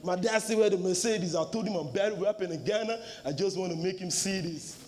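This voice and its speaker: A man's voice: high-pitched, fairly quick, a little mellow. A young man from Nigeria delivering an aggressive, taunting, profane rap battle verse, recorded live. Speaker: battle rapper. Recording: live event with cheering crowd.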